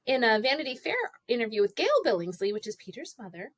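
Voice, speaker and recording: A woman's voice: fairly high pitch, animated, quick pace, dry recording. A woman in her forties co-hosting a podcast, telling stories in a chatty way and putting on quoted voices. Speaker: podcast co-host. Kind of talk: casual podcast chat. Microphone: podcast microphone.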